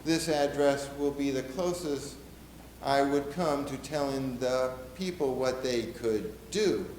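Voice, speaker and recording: An actor playing a solemn middle-aged nineteenth-century American president, speaking in a measured, oratorical way. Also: male voice, medium pitch, a little mellow, echoey room, a little hiss or hum, lightly acted, poor audio. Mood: reflective. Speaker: historical reenactor. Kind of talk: first-person historical portrayal.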